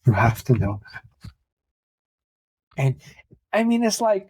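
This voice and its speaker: A man's voice: mid-range voice, very animated, takes it slowly, a little mellow, husky. A young man hosting a podcast, rambling in a casual, jokey way that keeps interrupting itself. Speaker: podcast host.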